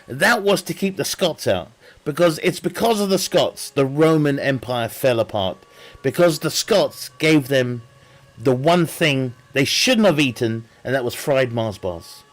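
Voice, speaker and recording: A man's voice: mid-range voice, animated, a little slow. A man streaming a game, chatting casually in a rambling, joking way, laughing often and swearing. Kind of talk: casual live-stream chat.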